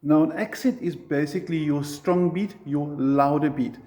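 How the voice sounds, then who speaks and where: Male guitar tutor, patient and clear, counts along, slightly higher voice. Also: normal speed, warm tone. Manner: patient, counts beats aloud. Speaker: guitar teacher. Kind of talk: guitar lesson.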